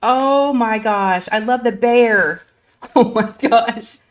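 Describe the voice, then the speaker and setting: A woman hosting a casual craft livestream, gushing and excitable. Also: on the high side, slow pace, slight background noise. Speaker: livestream host.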